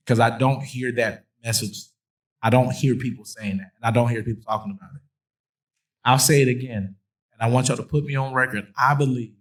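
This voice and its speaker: A man's voice: medium pitch, poor audio. Emphatic preaching-style male host. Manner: emphatic, repeats phrases for stress, playful asides. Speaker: host introducing a guest speaker. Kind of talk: preaching-style conference talk. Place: conference hall with an audience.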